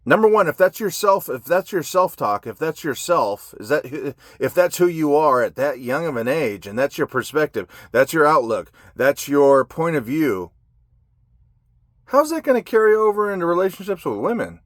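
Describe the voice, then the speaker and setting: Blunt cursing man, fairly high voice, swinging pitch, dry close sound, confessional monologue. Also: big pitch swings, moderate pace, no echo. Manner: heavy profanity, blunt and agitated. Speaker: vlogger telling his life story.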